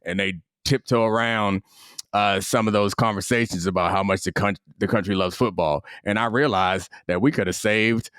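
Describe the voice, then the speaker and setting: A man co-hosting a podcast, talking in a thoughtful, measured way and often hedging as he works through ideas. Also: on the low side, steady tone, fairly bright tone, smooth, dry recording, studio quality. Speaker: podcast co-host. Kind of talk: casual sports and culture chat.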